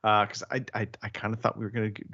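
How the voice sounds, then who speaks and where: A man's voice: fairly low pitch, little pitch movement, bright, forceful tone, husky, muffled recording. A man co-hosting a podcast from his home office, talking casually with a joking, teasing manner. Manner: joking, teasing, quick asides. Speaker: podcast co-host. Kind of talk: casual chat.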